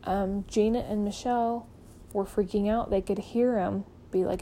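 A podcast host retells a true-crime case in a casual, chatty style full of "like" and "um," acting out the people she quotes. Her mid-range voice is steady and mellow, slow with long pauses, on a rough recording with a little hiss or hum.

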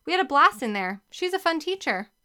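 A woman's voice: sits high, sing-song, brisk, sharp tone, pitched above the performer's own voice, heavily acted. A woman voicing an easygoing teenage boy tutor who talks casually. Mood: friendly. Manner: casual, breezy.

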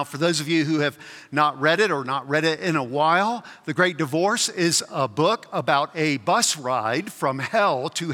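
A man preaching a sermon as pastor, earnest and storytelling, slowing down to stress his points. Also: on the high side, bright, forceful tone. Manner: earnest, storytelling, slows to emphasize. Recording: reverberant hall.

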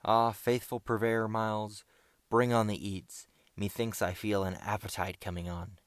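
A man's voice: fairly low pitch, level tone, measured pace, dry recording, lightly acted. A man voicing a cheerful, playful teenage boy adventurer in an audiobook. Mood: cheery. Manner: bright and playful.

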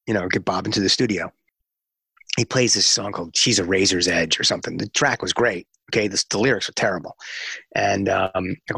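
Husky man telling lively stories. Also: sits low, a little fast, dry recording. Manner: animated storyteller acting out dialogue. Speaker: music radio promotion executive. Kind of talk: storytelling in an interview.

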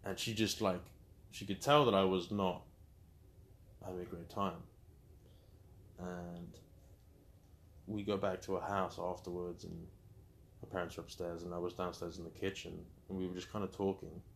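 A man's voice: low voice, level tone, moderate pace, long pauses, slight background noise. A young man speaking candidly as an interview guest, telling his story openly and acting out quotes with animation.

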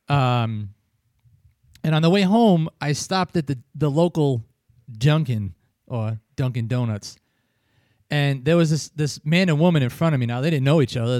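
A man hosting a loose podcast, his voice sitting a bit high. He rambles through stories with plenty of swearing and quick laughs. The recording is dry and close, with no room sound. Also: no echo. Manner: profane, rambling, chuckles often. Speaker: podcast host. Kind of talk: casual chat, storytelling.

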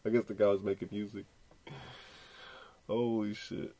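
A man's voice: on the low side, level tone, moderate pace, dark tone. A man hosting a podcast, giving laid-back, slangy reaction commentary full of swearing and asides. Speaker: podcast host.

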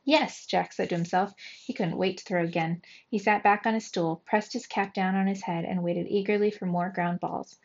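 A woman reading a children's chapter book aloud to young students, steady and clear, with lively shouts for the characters. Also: fairly low pitch, moderate pace. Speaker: storybook reader for young children. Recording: dull lo-fi recording.

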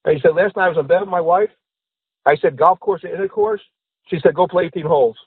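A stand-up comedian acts out the characters in his jokes in a husky, slightly high voice. He talks in a casual podcast chat over a dry, tinny line that sounds like a phone call. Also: fast talker, dry recording. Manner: animated storyteller acting out joke characters. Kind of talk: casual podcast joke-telling.

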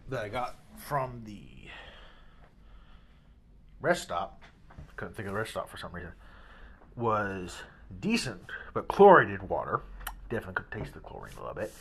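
A man's voice: on the low side, big pitch swings, normal speed, gravelly, pauses often. A young man casually rambling through a story in a hotel room, full of restarts and fillers. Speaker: vlogger.

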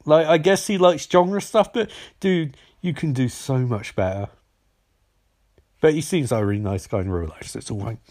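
A man's voice: mid-range voice, animated, moderate pace, a little mellow. A man giving a sarcastic, comedic recap of a TV episode, mocking its plot holes. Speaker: TV episode reviewer.

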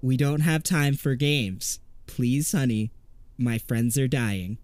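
A man's voice: mid-range voice, slow, darkish tone, no echo, lightly acted. A man voicing a weary adult man, a caring friend who speaks in an urgent, pleading way.

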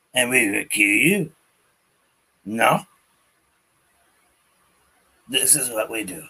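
A man's voice: on the high side, vocal fry, sharp tone, voice pushed up, exaggerated voice. A man voicing a scornful, defiant French commoner who taunts and swears. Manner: mocking, taunting, profane.

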